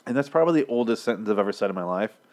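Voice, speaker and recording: A man's voice: on the low side, expressive, very fast, a little mellow. A man in his thirties giving a rambling, profane casual recap of a TV episode, slipping into characters' lines. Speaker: show recapper.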